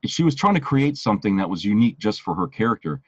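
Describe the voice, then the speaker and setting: A man's voice: fairly low pitch, big pitch swings, fast, breathy edge, no echo, dull audio. A man co-hosting a podcast in casual, rambling chat, often restarting his phrases. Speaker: podcast co-host.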